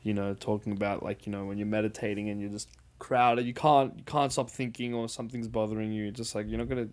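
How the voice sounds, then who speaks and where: A man's voice: lowish voice, steady tone, fast talker. A man hosting a podcast in casual chat, rambling through tangents with swearing and acted-out quotes. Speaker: podcast host.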